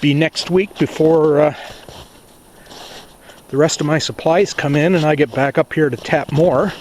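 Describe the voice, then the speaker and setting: A man narrating a casual vlog at his small off-grid cabin, talking slowly and plainly to himself with sighs and asides. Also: on the high side, fairly even intonation, darkish tone, a little hiss or hum. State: out of breath. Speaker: cabin owner filming his visit.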